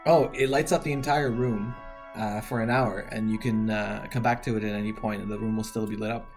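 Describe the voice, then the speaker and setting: A man's voice: on the low side, fairly even intonation, a little fast, soft background music. A man running a tabletop game as game master, making things up as he goes and laughing often.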